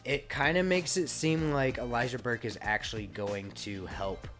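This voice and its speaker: A man's voice: medium pitch, normal speed, fairly bright tone, faint music behind. A man giving casual commentary over a wrestling game, chatty and rambling, with frequent swearing and asides. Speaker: gaming channel host.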